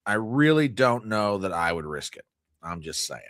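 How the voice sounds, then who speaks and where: A man's voice: on the low side, sing-song, normal speed, fairly bright tone, no room sound, clean studio sound. A man hosting a live news stream, joking with his chat in exaggerated mock outrage. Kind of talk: joking livestream commentary.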